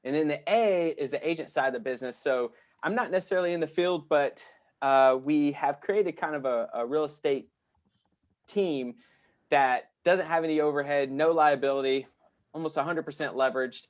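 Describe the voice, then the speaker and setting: A man's voice: on the high side, moderate pace. A man speaking as a guest real estate coach in casual, upbeat talk on a video call, with frequent filler sounds.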